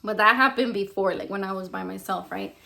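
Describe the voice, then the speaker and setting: A woman's voice: medium pitch, a little fast, creaky, pushed and bright. A young woman telling her personal religious testimony in a casual, rambling way, filling her speech with "like" and "you know.". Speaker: vlogger sharing a religious testimony.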